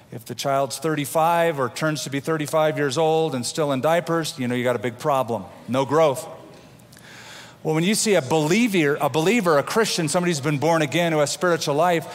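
A middle-aged male pastor preaches in a chatty, down-to-earth manner, dropping in homely asides and repeatedly restarting his words. His voice is a little high for a man, and a long, ringing reverb from a large hall fills the sound.

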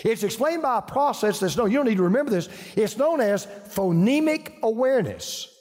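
A man's voice: very high-pitched, animated, fairly quick, darkish tone, in a large hall. An older man with a Southern US accent, preaching a folksy sermon full of stories and restarts. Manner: folksy, storytelling, frequent restarts. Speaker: pastor.

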